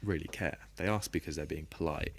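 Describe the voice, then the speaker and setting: A man with a very deep, low voice speaks as a podcast guest. His talk is candid and reflective, and soft laughs break into it now and then. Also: brisk, a little hiss or hum. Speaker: podcast guest, rugby player.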